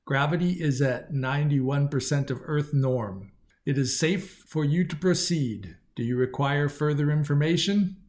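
A pleasant, polite computer voice, read by a male narrator reporting facts calmly and plainly. It sounds like an ordinary, fairly high male reading voice. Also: unhurried, close to an everyday voice. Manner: polite, informative. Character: pleasant synthetic habitat voice. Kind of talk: audiobook character voice.

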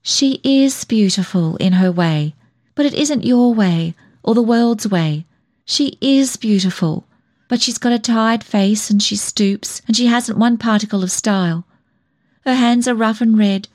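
A woman's voice: fairly high pitch, measured pace, a little mellow, pitched above the performer's own voice. A woman reading an audiobook, voicing a remorseful young woman who pleads as if near sobbing. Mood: confessional. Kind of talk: audiobook dialogue.

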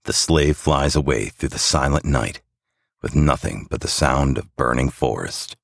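Male storyteller, extremely deep and gravelly voice, deadpan delivery. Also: unhurried, no room sound, studio quality. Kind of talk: dramatic story narration.

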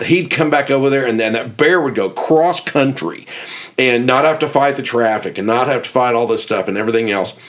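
A middle-aged man from the United States, hosting a podcast and telling rambling, animated anecdotes with restarts and chuckles. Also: medium pitch. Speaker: podcast host. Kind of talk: casual storytelling.

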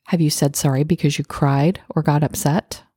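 In a low-pitched, mellow, husky voice with a steady tone and normal speed, a middle-aged woman hosts a solo podcast, recorded in studio quality without echo. She speaks earnestly and self-reflectively about her habits, acting out brief quoted phrases.

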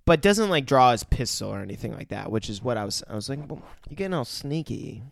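Animated man retelling a movie, swearing freely. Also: mid-range voice, quick pace, creaky. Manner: animated, swears freely, acts out scenes with sudden loud bursts. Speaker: podcast co-host. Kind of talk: casual chat, retelling a movie.

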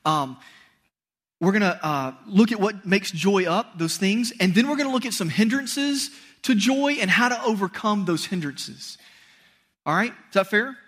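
Male preacher, high voice, chatty sermon delivery that checks in with the room. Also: expressive, fairly bright tone. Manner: conversational, asks the audience questions, halting restarts. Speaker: pastor.

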